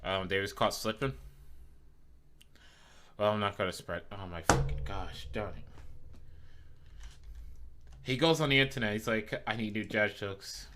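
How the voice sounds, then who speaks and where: Male game streamer, lowish pitch, playful roasting, loose casual cursing. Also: unhurried, pauses often, fairly bright tone, a little hiss or hum. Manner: playful teasing, swears freely. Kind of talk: casual live-stream chatter while playing.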